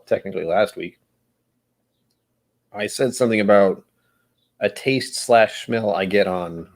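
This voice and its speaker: A man with a somewhat low voice talks his way through a live tasting session. He muses aloud and wanders off track, then gently pokes fun at himself. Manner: rambling, musing, self-deprecating. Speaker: host of a whiskey tasting stream. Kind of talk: casual live-stream chat while tasting.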